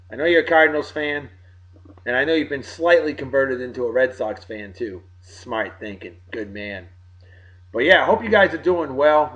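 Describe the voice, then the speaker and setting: A man hosting a casual solo show, rambling through shout-outs to friends and bursting into loud wrestling catchphrases now and then. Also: on the high side, muffled recording. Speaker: podcast host.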